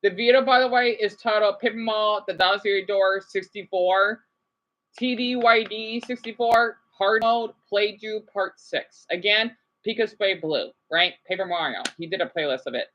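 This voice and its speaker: A woman's voice: medium pitch, moderate pace, a bit bright, lo-fi sound. A woman vlogger giving rambling, chatty livestream commentary with frequent restarts and check-ins with the audience.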